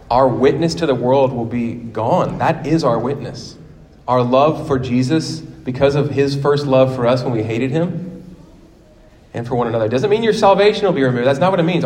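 A man in his forties preaching a sermon in a church, telling stories in a lively way and acting out quotes. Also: mid-range voice. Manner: animated storytelling with acted quotes. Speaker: pastor. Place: church sanctuary. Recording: long hall reverb.

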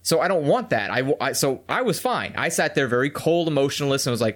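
A man's voice: medium pitch, animated, quick pace, a bit bright. A young man co-hosting a podcast, telling stories in a blunt, profane way and acting out what people said. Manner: blunt, profane storytelling with acted-out quotes. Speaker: podcast co-host. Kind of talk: casual podcast chat.

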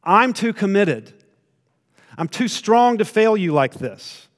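A man's voice: fairly high pitch, expressive, moderate pace, in a large hall, lightly acted. A man voicing a proud male disciple who protests that he could never fail. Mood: offended protesting. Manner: indignant, protesting. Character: proud, boastful male disciple insisting he's different.

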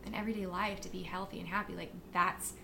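A woman guest on a podcast, chatting casually as a fitness and nutrition coach. She tells stories in an animated way, full of fillers and acted-out quotes. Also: on the low side, quick pace, creaky, background noise. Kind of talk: casual interview chat.

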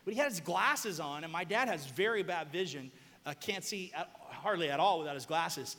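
Young male preacher from the American South, high and bright, animated storyteller who breaks into shouts. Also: normal speed. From southern United States. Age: young adult. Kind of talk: sermon. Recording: long hall reverb.

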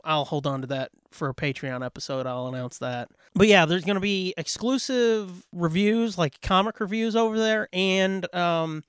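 A man's voice: high voice, fairly even intonation, moderate pace, few pauses, a bit bright, clean tone, no echo, clean studio sound. A man hosting a podcast, casually plugging links and swearing as he rambles. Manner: profane, rambling, laid-back. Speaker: podcast host. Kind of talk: casual podcast outro with plugs.

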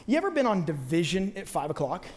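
A man preaching through a personal story, with a high-pitched voice. He tells it with animated energy and pops in and out of the voices of the people he quotes. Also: fast, in a large hall, a little hiss or hum. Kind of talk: sermon storytelling.

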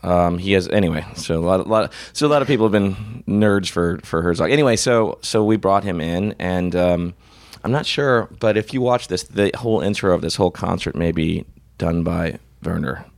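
A man's voice: sits low, moderate pace, no echo. A middle-aged man with a nasal, buzzy voice, a voice actor chatting as a guest in a casual interview, rambling with restarts. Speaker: guest, voice actor and show creator.

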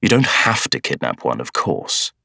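A man voicing a cold, scheming young schoolmaster of Evil who speaks in a measured, persuasive way. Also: a bass voice, big pitch swings, creaky, pushed and bright, no echo, clean studio sound, pitched below the performer's own voice, heavily acted. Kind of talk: audiobook character voice.

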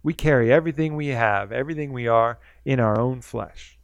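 A man voicing a gruff, plain-spoken male bear spirit. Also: medium pitch, a little fast, no room sound, dull audio, natural voice. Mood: matter-of-fact.

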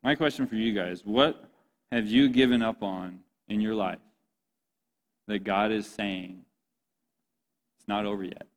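A man's voice: fairly low pitch, fairly even intonation, unhurried. A man giving an earnest, impassioned sermon as a youth pastor, often speaking to his listeners as "guys.".

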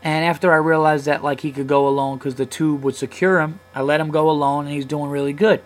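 A man's voice: fairly high pitch, fairly quick, low-quality recording. Profane, heated man in his thirties. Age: 30s. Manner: profane, heated, animated retelling. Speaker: comedian podcast host. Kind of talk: casual storytelling monologue.

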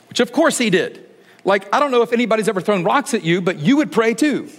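A man preaching a sermon in a conversational way, full of rhetorical questions, often dropping to a quiet, low delivery for emphasis. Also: animated, fast. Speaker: pastor.

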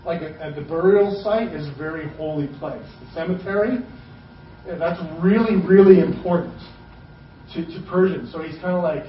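A man preaching a sermon with a casual, chatty delivery and quick acted asides. His voice sits fairly high. It is heard from a distance in an echoey hall, with a dull, lo-fi sound. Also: slight background noise. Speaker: pastor.

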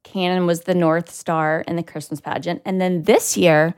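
A woman's voice: fairly low pitch, little pitch movement, normal speed, a little mellow, clean tone. A woman co-hosting a podcast in casual chat, joking and bantering playfully into a studio microphone. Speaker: podcast co-host.

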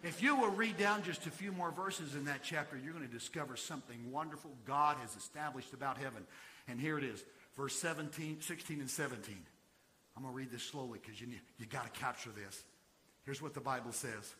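A man preaching a sermon to his congregation. He swings between soaring, emphatic peaks and quiet, hushed asides. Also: medium pitch, a little fast, a little hiss or hum. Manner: preaching that swells to shouted climaxes and drops to quiet asides. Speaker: pastor. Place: church sanctuary.

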